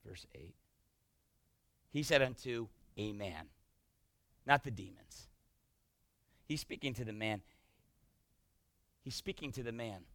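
A male pastor preaching a sermon, emphatic and swinging between loud bursts and hushed passages. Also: mid-range voice, dry recording.

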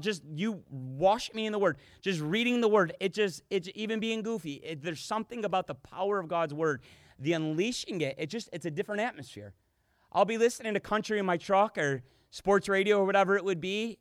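A man with a high, ringing voice preaches a fervent sermon, building to loud emphatic peaks and then dropping to near-whispers. The sound is dry and close, with almost no room echo around him. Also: fairly quick. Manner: impassioned preaching that swings from loud to hushed. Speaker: pastor.

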